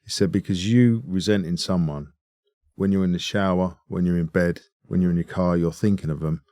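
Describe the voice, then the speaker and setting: A man with a very low voice, hosting a podcast in a relaxed, reflective way. He talks earnestly and swears now and then. The sound is dry and close, with no room around it. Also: fairly quick, no room sound. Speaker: podcast host. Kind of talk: casual chat.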